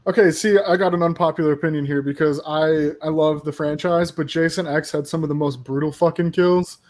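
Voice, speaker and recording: A man's voice: on the high side, fairly even intonation, a little fast. A man chatting as a podcast guest, enthusiastic and swearing casually. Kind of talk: casual chat.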